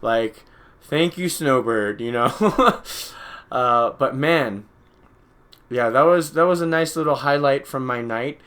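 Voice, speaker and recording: A man's voice: medium pitch, takes it slowly, a bit bright. A young man from Utah, a DJ hosting a live stream, rambling through a story in casual chat, full of "like" and "you know".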